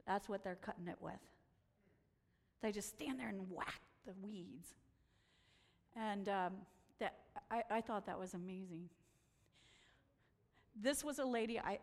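Animated woman in a reverberant hall. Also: medium pitch, normal speed, pauses often. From United States. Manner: animated, acts out quoted voices. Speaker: speaker presenting photos. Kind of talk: storytelling talk with slides.

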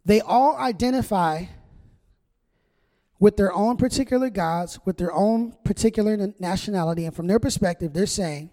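A man preaching a sermon as a pastor, conversational and animated, acting out the quotes he reads. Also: high-pitched, normal speed, big-room sound.

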